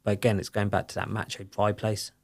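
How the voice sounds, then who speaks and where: A man's voice: on the low side, level tone, brisk, husky. A middle-aged man, talking openly as a podcast guest, rambling with lots of fillers. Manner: open, rambling storytelling with many fillers. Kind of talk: candid personal conversation.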